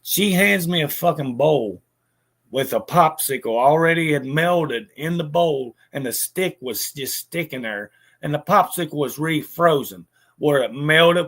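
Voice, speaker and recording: A man with a voice pitched a little high for a man, talking in a casual monologue. He sounds bitter and swears constantly. He keeps stumbling into restarts and repeated words. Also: a bit bright. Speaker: storyteller.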